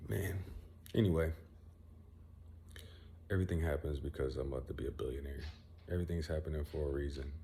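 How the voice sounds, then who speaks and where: A man's voice: extremely low pitch, moderate pace, long pauses, mellow, a little hiss or hum. A young man venting at home to his followers in a rambling, boastful, profane monologue. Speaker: vlogger.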